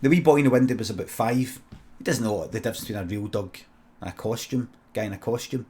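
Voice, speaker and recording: A man's voice: fairly low pitch, fast, a little mellow. Brief: Scottish male streamer, loose improvised comic narration, self-correcting asides.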